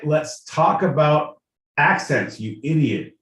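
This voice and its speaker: A man's voice: medium pitch, expressive, normal speed. A man co-hosting a podcast livestream, exasperated and swearing as he mocks his partner. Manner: exasperated, cursing, mocking. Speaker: podcast co-host. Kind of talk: profane casual banter on a livestream. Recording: echoey room, far from mic.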